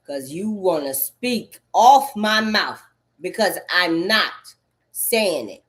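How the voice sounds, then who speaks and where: A woman's voice: a little high, lively intonation, slow, a bit bright. A woman in a rambling, profane monologue, full of cursing and repetitive outbursts.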